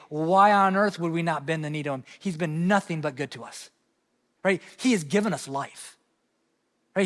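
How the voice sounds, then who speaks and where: A male pastor with a Midwestern American accent delivers an expository sermon. His voice sits high, and he swings from emphatic peaks to quiet low asides. The sound carries a long reverb from the church hall. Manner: expository preaching, animated, rising emphasis and dropping to low asides. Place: church sanctuary.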